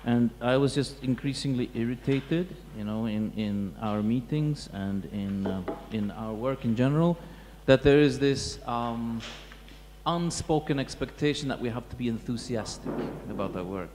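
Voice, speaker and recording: Halting man lecturing in an echoey hall. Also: mid-range voice, a little mellow. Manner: halting, many restarts and fillers, reflective. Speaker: museum curator giving a talk. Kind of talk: lecture talk to an audience. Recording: echoey hall with faint hum.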